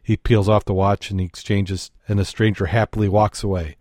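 Chatty podcast host, low voice. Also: male voice, steady tone, brisk, a little mellow, no echo. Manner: chatty, laughs easily. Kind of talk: casual chat and joke telling.

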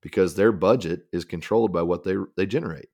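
A man's voice: low-pitched, fast, a little mellow. A man co-hosting a podcast in casual, rambling chat, trading jokes with his friend. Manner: laid-back, rambling, joking. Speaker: podcast co-host.

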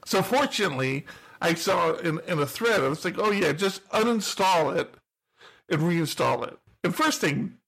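A man's voice: high-pitched, animated, moderate pace, creaky, a bit bright, slightly rough, poor audio. A man co-hosting a podcast, telling a story in casual chat, acting out his own reactions and laughing at himself. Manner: laughs often, self-mocking. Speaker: podcast co-host.

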